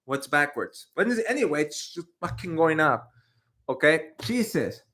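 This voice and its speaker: Animated bright-voiced man coaching. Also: fairly high pitch, unhurried. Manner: animated, drifts into Spanish slang, answers viewer questions. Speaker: IT career coach. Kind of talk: casual livestream chat.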